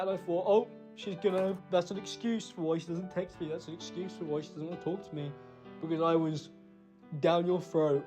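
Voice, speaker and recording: A man giving an emotional, halting spoken apology. He blames himself, pauses often and restarts his sentences. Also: high voice, dark tone, highs cut off. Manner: halting, self-blaming, full of pauses and restarts. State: emotional, choked up. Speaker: person recording a personal apology.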